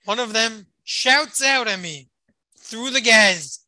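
A storyteller retelling an emotional story, dramatic, repeating phrases for emphasis and swinging between rising intensity and hushed lines. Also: medium pitch, expressive, takes it slowly, no room sound, low-quality recording.

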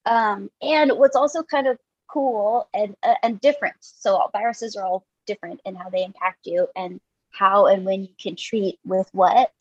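A woman's voice: medium pitch, steady tone, moderate pace, slightly rough, no room sound, muffled recording. A woman guest doctor explaining things in casual podcast chat, self-conscious and laughing often.

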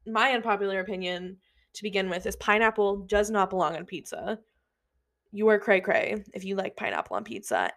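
A woman's voice: medium pitch, fairly bright tone. A woman rants through a casual podcast episode, speaking as a lash tech. She is emphatic and opinionated. Her talk is loose, with plenty of fillers and restarts.

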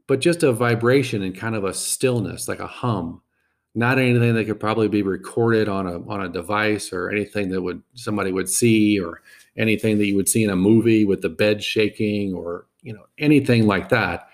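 A man hosting a podcast, telling a personal story in a reflective, halting way and often repeating words. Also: fairly low pitch, vocal fry.

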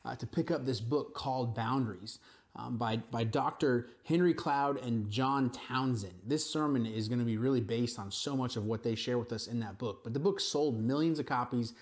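A man preaching a sermon, telling stories in a relaxed, conversational way with frequent asides to the congregation. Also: mid-range voice, normal speed. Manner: conversational storytelling with frequent "right?" and "you know". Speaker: pastor.

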